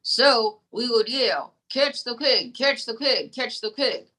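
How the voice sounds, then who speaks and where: A woman's voice: fairly high pitch, animated, slow pace, sharp tone, exaggerated voice. A woman voicing an old male lounge-singer ventriloquist dummy, drawling folksy punchlines. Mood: deadpan corny.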